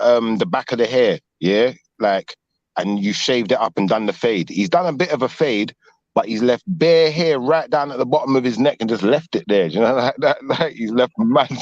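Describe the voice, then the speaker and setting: A man's voice: fairly low pitch, dry recording. Man, host, slangy storyteller, dry muffled online audio. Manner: laughs through his story, slangy. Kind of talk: casual storytelling chat.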